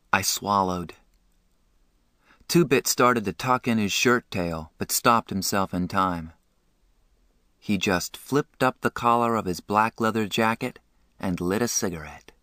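A man reading a novel aloud as an audiobook narrator, expressive and emotional in the first person. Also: on the low side, clear, resonant tone, no echo, studio quality.

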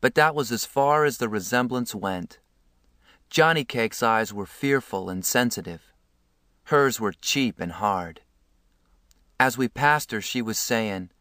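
A man reads a novel aloud in a measured, earnest manner. His pace is very slow and his pitch sits in the middle. The sound is close and dry. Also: animated, pushed and bright, no room sound. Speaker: narrator. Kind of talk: audiobook reading.

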